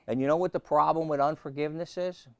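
A pastor preaching a sermon and telling a humorous story, with lots of rhetorical questions. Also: male voice, a little high, fairly even intonation, quick pace, a little mellow, clear, resonant tone, dry recording. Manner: humorous, repeats key lines.

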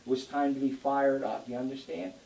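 Animated preacher in an echoey church. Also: medium pitch, fairly quick. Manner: animated, joking, rising to loud emphasis. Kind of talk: sermon. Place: church before a congregation. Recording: roomy echo, distant mic, faint noise.

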